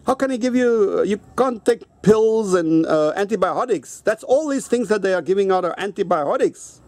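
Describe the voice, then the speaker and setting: A man voicing a group of flustered hospital nurses who hurriedly try to calm an angry patient. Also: sits high, dry recording. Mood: pleading, soothing. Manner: hurried, pleading, soothing.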